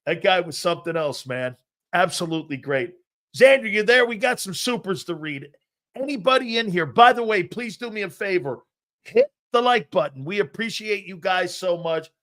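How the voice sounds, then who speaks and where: A middle-aged man hosting a sports talk show, telling loud, brash stories and acting out what coaches said. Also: high voice, lively intonation, normal speed. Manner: loud, brash storyteller who acts out quotes. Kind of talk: casual sports talk, storytelling.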